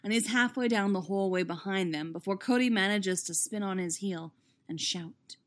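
A woman reading fan fiction aloud in a steady, expressive narration. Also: mid-range voice, normal speed. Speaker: audiobook reader.

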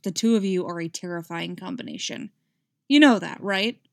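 A weary king who has run out of patience and scolds in clipped lines, read by a woman. The voice sits at a middling pitch. It is recorded dry and close, with no room sound. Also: moderate pace, no echo, lightly acted. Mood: angry. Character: exasperated male king, stern and weary.

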